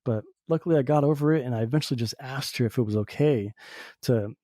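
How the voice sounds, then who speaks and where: Talking fast in a warm, medium-pitched voice, a male podcast host from Southern Oregon delivers a rambling, reflective personal monologue. It's studio quality with no room sound, and "you know" fillers crop up throughout.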